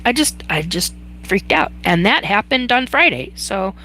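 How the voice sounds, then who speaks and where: Slow-talking woman, halting personal story. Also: mid-range voice, very animated, pushed and bright, slight background noise. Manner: halting, many fillers and restarts. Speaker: host. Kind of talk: personal storytelling on a live chat.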